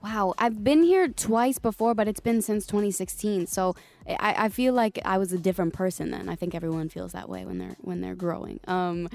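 A woman singer chatting as a guest on a radio show, friendly and quick to laugh. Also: medium pitch, gravelly, darkish tone, soft background music. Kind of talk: casual chat.

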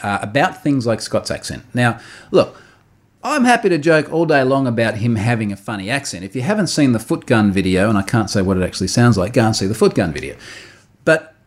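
Animated man telling a story. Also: medium pitch. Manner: animated, repeats words while recounting, quick to laugh. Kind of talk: casual storytelling chat.

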